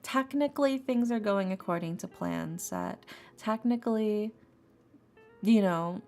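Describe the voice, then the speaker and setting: A woman's voice: mid-range voice, unhurried, a little mellow. A woman streamer doing tarot readings in a rambling, chatty way, laughing often and repeating herself. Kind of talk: casual live-stream chat. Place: home streaming setup. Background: faint lofi music.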